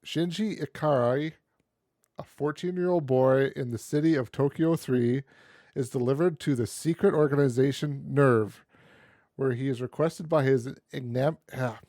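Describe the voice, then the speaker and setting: Podcast host, male, relaxed and chuckly, close dry sound. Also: medium pitch, dry recording. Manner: laughs often, easygoing. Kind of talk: casual podcast chat.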